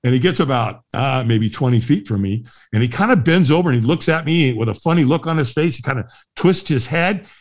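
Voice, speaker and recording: A middle-aged man, a guest on a podcast, telling a story in a lively way and laughing often. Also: mid-range voice, brisk, hardly any pauses. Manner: lively, laughs often, acts out the voices of others. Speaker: guest, firewalk instructor. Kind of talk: animated storytelling in a podcast interview.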